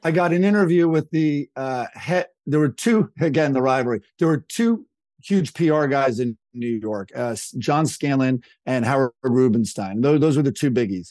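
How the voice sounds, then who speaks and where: A man in his fifties telling stories as a podcast guest, lively and casual, acting out what others said. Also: mid-range voice, normal speed, dry recording. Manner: animated storyteller, acts out quotes in a raised voice. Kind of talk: casual storytelling chat.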